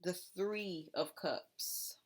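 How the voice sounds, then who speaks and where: A woman's voice: lowish voice, extremely slow. A woman giving a casual channeled tarot reading, rambling with lots of fillers and calling the viewer honey. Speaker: tarot reader.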